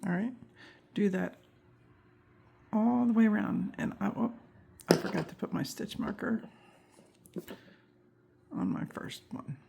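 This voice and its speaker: A woman's voice: medium pitch, steady tone, a little slow, gravelly, pauses often, dark tone, slight background noise. A woman teaching a crochet tutorial step by step, counting stitches aloud with chatty asides, and she has the hiccups. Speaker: crochet instructor.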